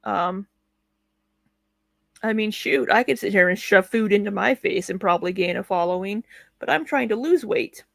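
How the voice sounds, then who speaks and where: A woman's voice: medium pitch, moderate pace, gravelly, pauses often, dry recording. A woman giving blunt, sarcastic commentary while live streaming, swearing freely and laughing between remarks. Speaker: reaction commentator.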